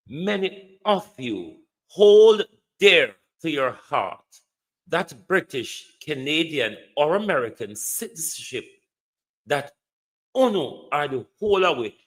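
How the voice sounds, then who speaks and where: A man's voice: medium pitch, fairly bright tone, poor audio. A Jamaican man hosting a livestream, delivering a scornful, emphatic political rant and repeating his insults. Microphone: streaming setup.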